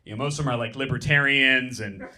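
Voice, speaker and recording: A young man doing stand-up on a comedy club stage, talking into a handheld mic and delivering quick, deadpan punchlines. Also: mid-range voice. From San Francisco. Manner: deadpan, quick punchlines, mock voices for bits.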